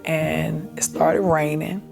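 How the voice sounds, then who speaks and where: A woman candidly recounting her own life in a documentary, halting and reflective, with music behind her. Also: sits low, steady tone, gravelly. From Baltimore, USA. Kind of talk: personal documentary testimony. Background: background music.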